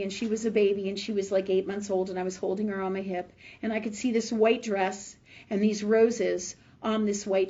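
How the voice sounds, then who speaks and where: A woman's voice: medium pitch, a little mellow, highs cut off. A middle-aged woman hosting a live spiritual health show, telling a story emotionally and emphatically, swearing freely and often asking "right?".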